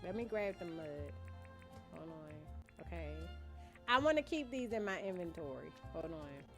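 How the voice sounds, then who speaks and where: Young woman, streamer, unhurried, sing-song pitch, faint game music underneath. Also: expressive, fairly bright tone. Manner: chatty, muses aloud, addresses chat as y'all. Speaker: gaming streamer. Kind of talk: casual live-stream chat while playing.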